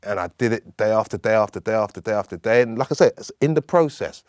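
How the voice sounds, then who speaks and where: A man in his fifties, a guest in an interview, telling stories from his life in an animated way. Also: lowish voice, fast talker, clean tone, dry recording, studio quality. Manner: animated, acts out other people's voices as he tells stories. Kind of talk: storytelling interview.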